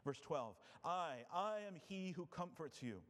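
A man preaching a sermon as a pastor, expressive, moving between loud emphasis and quiet, low passages. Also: unhurried, big-room sound.

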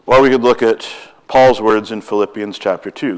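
A man preaching a sermon, talking quickly and with excitement, often asking his listeners rhetorical questions. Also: lowish voice, smooth.

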